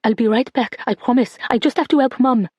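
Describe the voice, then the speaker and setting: A woman's voice: on the high side, a little fast, slightly rough, dry recording, highs cut off. A woman voicing a young woman jewel thief in an audiobook, speaking urgently. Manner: urgent, tense.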